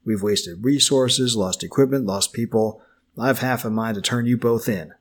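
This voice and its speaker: A man's voice: mid-range voice, moderate pace, natural voice. A man voicing a cold, disdainful man who speaks with smug contempt in an audiobook. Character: cold, disdainful man, a scheming group leader.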